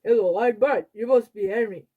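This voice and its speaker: A woman reading a children's book aloud, voicing a chatty, mischievous small boy in a high, sing-song voice. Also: normal speed, narrow, tinny audio, close to an everyday voice.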